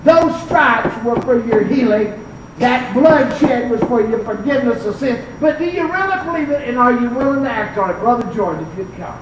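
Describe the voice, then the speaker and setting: An older preacher giving a fervent revival sermon, telling stories and rising to shouts at the peaks. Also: medium pitch, expressive, moderate pace, noisy background. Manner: fervent, storytelling, rises to shouts. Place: church sanctuary. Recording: echoey church, mic far off.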